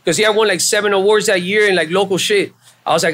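Guy with a pretty high voice, swearing a lot, acting out who said what, casual podcast story. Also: racing. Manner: animated and profane, acting out quoted exchanges. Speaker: podcast guest. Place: live show at a venue.

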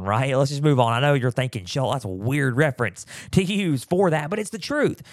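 A man's voice: fairly high pitch, no echo, studio quality. Rambling man talking college football. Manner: rambling, repeats himself with many fillers. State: clearing a scratchy throat. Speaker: podcast host. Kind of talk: casual sports talk. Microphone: close mic, sometimes turning away.

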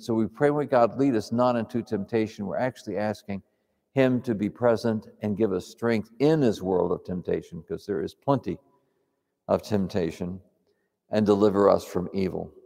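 A man preaching in a calm, reflective, conversational way, teaching on prayer. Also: fairly low pitch, normal speed, gravelly. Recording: long hall reverb.

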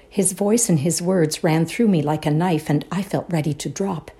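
A woman performing a dramatic reading of a ghost story, hushed and suspenseful, often dropping to a whisper. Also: deep voice, normal speed, hardly any pauses. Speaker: reader in a readers' theatre show.

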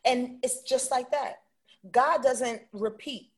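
A woman with a husky, breathy voice talks as a guest in a casual interview. She is animated and emphatic and keeps tagging her points with "right?". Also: medium pitch, moderate pace. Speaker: guest, intuitive astrologer.

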